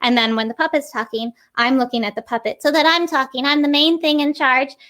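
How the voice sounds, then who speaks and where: A woman puppeteer and puppetry teacher, explaining her craft as a podcast guest in an animated, demonstrative way. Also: high voice, fairly quick.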